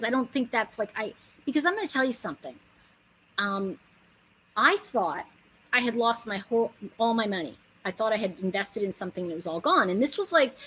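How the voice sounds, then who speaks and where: A woman's voice: medium pitch, a bit bright, a little hiss or hum, rough recording. A woman giving a casual motivational monologue, earnest and emphatic, rambling with many asides. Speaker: inspirational speaker.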